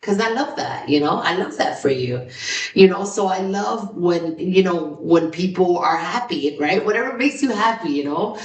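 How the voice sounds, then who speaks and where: A woman hosting a casual solo podcast, excitable and repetitive, swinging between low musing and high, loud exclamations. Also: moderate pace, distant mic. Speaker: podcast host. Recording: roomy, from off the mic.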